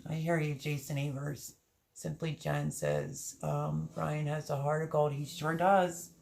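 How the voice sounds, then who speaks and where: A woman's voice: sits low, unhurried, gravelly, a little mellow. A woman hosting a gardening channel live stream, chatting casually and reading viewer comments aloud.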